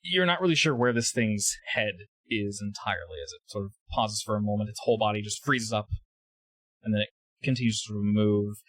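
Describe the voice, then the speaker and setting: Lower-voiced male game master narrating. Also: a bit bright, dry recording, rough recording. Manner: hesitant, fills pauses with "uh".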